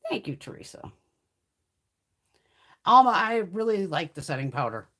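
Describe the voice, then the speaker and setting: A woman's voice: fairly low pitch, sing-song, normal speed, a bit bright. A middle-aged woman hosting a beauty livestream, chatting casually and bluntly, swearing freely and answering viewers by name.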